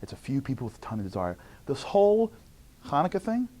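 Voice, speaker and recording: A motivational speaker from New York gives a comic inspirational talk, animated and swinging between loud outbursts and hushed near-whispers. He is a fast talker with a medium-pitched voice.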